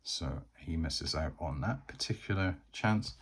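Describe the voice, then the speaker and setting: A man's voice: a bass voice, measured pace, breathy edge. A man narrating a solo board game, chatty and thinking aloud as he plays.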